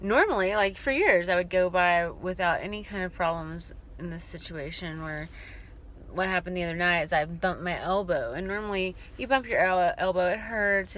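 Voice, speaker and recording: A woman recording a casual personal vlog about living with dystonia, talking in a rambling, heartfelt way with many pauses and fillers and speaking warmly to her viewers. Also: lowish voice, slight background noise. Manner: affectionate toward viewers. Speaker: dystonia awareness vlogger. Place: car.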